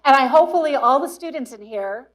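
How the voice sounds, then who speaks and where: A woman's voice: sits high, expressive, fast, low-quality recording. A woman interviewing a guest on stage before students, summing up and asking follow-up questions. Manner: encouraging, summarizing questions. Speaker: interviewer and moderator. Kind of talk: onstage interview. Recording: faint mains hum.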